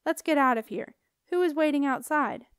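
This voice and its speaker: A woman's voice: high voice, normal speed, no echo, clean studio sound, pitched above the performer's own voice, close to an everyday voice. A woman doing a brash, angry teenage boy. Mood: urgent.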